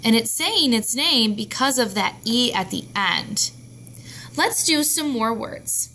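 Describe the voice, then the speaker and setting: A woman teaching a phonics lesson to young children, sounding out each letter slowly and clearly. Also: a little high, expressive, pushed and bright, a little hiss or hum.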